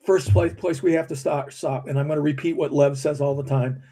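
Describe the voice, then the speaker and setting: A man's voice: fairly high pitch, fairly even intonation, a little fast, dark tone. A man, giving blunt, opinionated views in a casual podcast discussion, often repeating words as he restarts.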